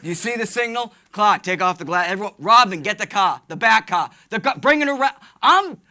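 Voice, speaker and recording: A man doing a loud cocky superhero. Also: high-pitched, lively intonation, a little fast, heavily acted. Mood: cocky, bossy. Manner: loud, cocky, barking orders. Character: brash wisecracking Boston-bred male superhero.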